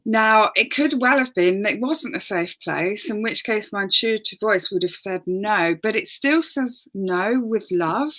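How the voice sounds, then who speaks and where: A woman, a guest and oracle card reader, explaining in a relaxed, gentle way with many fillers. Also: medium pitch. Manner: gentle, hesitant with fillers, acts out voices.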